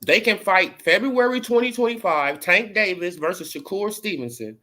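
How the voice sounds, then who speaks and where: A man's voice: high-pitched, normal speed. A man giving a casual boxing opinion rant, full of slang and fillers like "bro" and "you know". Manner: rising to animated mocking in the back half. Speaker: boxing commentary vlogger.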